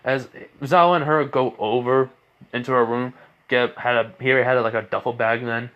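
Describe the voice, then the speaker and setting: A man's voice: medium pitch, steady tone, a little fast, highs cut off. Rambling male storyteller. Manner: rambling, full of fillers and restarts, chuckling. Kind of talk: improvised fan story narration.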